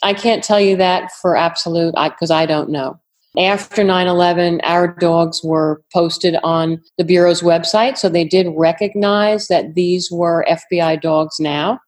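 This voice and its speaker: Retired agent, woman, New York accent, lower pitch, measured and thoughtful. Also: fairly even intonation, darkish tone. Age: older. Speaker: retired FBI agent, guest. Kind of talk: interview answers.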